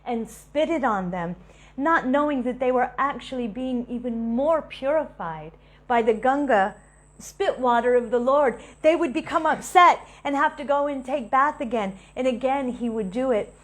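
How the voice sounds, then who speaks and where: A woman giving a devotional talk, telling lively stories and laughing between them. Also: high voice, moderate pace. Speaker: devotional speaker.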